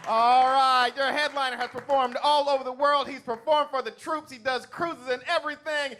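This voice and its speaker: Bright high-voiced emcee hyping a crowd. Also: male voice, fairly even intonation, normal speed. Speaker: show host, emcee. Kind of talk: emcee introductions. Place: comedy club stage.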